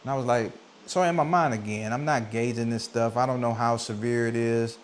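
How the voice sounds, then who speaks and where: A man in his forties telling a personal story in a relaxed sit-down vlog, talking conversationally and getting animated when he acts out what people said. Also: medium pitch, fairly quick, slight background noise. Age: 40s. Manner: conversational, animated when quoting himself and others. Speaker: vlogger. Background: soft coffeehouse music.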